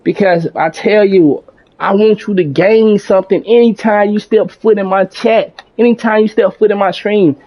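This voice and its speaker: A man with a fairly high voice talks through his thoughts on a gaming stream, calm and rambling, often restarting his sentences. The audio is dull and lo-fi, like a home stream setup. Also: normal speed. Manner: calm, rambling and self-reflective with frequent restarts; casual speech with mild swearing. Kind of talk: reflective casual monologue.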